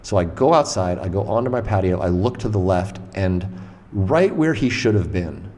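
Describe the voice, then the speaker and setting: A man hosting a casual podcast conversation, telling a story in an animated way and swearing freely. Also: sits low, normal speed. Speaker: podcast host and interviewer. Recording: long room reverb.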